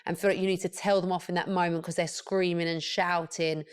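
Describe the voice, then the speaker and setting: A woman's voice: on the low side, level tone, clear, resonant tone. A woman hosting a podcast, chatting frankly and asking parenting questions. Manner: chatty, frank, quick to laugh. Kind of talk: casual podcast chat.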